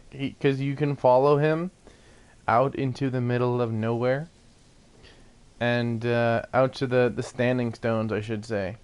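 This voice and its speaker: A man's voice: mid-range voice, steady tone, a little slow, darkish tone, clean tone. Rambling casual male gamer. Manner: rambling, laughs often, swears casually. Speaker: gaming YouTuber. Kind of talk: casual gameplay commentary.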